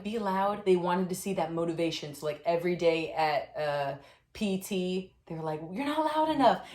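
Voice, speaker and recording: Chatty woman in an echoey room. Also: lowish voice. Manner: chatty, animated retelling with many fillers. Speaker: vlogger sharing Air Force basic training experience. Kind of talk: casual storytelling and tips to camera.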